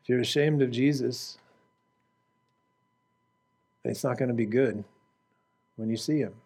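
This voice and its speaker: A male preacher giving a fervent sermon to a congregation. He asks the audience direct questions and swings from shouting to quiet prayer. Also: mid-range voice, unhurried.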